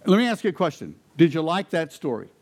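A man's voice: fairly high pitch, quick pace. A man preaching to a congregation, telling a personal story and then building to emphatic questions. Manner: animated, rising to emphatic peaks. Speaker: pastor. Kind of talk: sermon storytelling.

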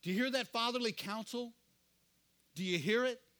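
High-voiced earnest male pastor preaching. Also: moderate pace. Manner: earnest, questioning the congregation, drops to quiet asides. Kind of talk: sermon.

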